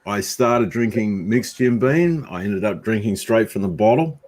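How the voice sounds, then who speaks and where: A man's voice: fairly low pitch, animated, moderate pace, a little mellow. A man in a casual video call chat, blunt and opinionated.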